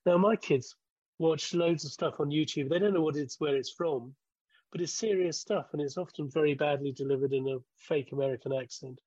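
A man in his sixties, a former broadcaster, talking as an interview guest in a measured way, thinking aloud and restarting sentences. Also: on the high side, a little mellow, breathy edge, no echo, lo-fi sound. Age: 60s. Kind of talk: conversational interview.

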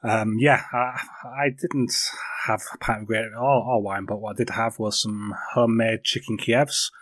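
Halting, low-voiced podcast co-host man. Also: fairly even intonation, a bit bright, no room sound. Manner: halting, self-deprecating. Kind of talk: casual football podcast chat.

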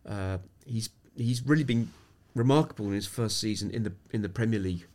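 A little mellow and a little fast, this lowish male voice belongs to a middle-aged English sports psychologist. He's a guest on a podcast, telling reflective, anecdotal stories and repeatedly restarting sentences.

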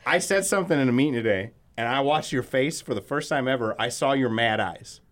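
A man's voice: medium pitch, a little fast, fairly bright tone. A man co-hosting a podcast, telling loose, profane stories with lots of laughter in casual chat. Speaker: podcast co-host.

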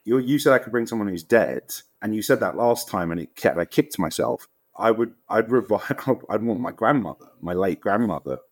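A man in his thirties with a London accent, telling lively anecdotes as a guest on an interview podcast, acting out what others said. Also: moderate pace, dry recording, clean studio sound. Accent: London English. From England. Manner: animated storyteller, acts out quotes with jumps in pitch. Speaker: guest actor.

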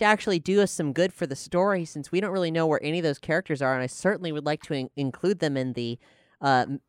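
Podcast host, game master, rambling, swears a lot, smooth clear voice, dry close sound. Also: medium pitch, no room sound. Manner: rambling, self-interrupting, swears freely. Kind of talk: casual podcast chat.

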